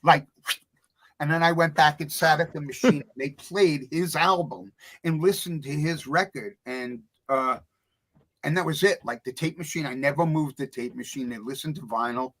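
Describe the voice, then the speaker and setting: Bright-voiced animated New storyteller man. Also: fairly high pitch, moderate pace. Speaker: guest author. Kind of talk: casual chat.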